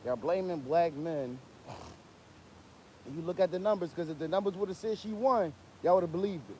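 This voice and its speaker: A man's voice: sits high, moderate pace, darkish tone, slight background noise, low-quality recording. A young man, ranting bluntly and profanely in a casual livestream, coughing from a cold. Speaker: livestream host.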